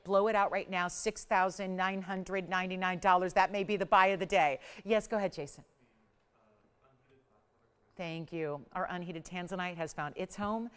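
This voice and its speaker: A middle-aged woman hosting a live home shopping show, selling jewelry with upbeat, persuasive patter and excited price countdowns from a TV studio. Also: lowish voice, smooth. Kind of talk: live TV jewelry sales pitch.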